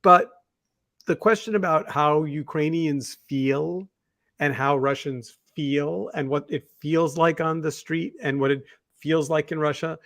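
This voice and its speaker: A man co-hosting a podcast, speaking in a somewhat raised pitch for a male voice. He tells reflective anecdotes in a rambling, conversational way, full of fillers and restarts. The sound is dry and close, with no room around it. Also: fairly even intonation, unhurried, a bit bright, dry recording. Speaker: podcast co-host. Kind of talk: casual discussion.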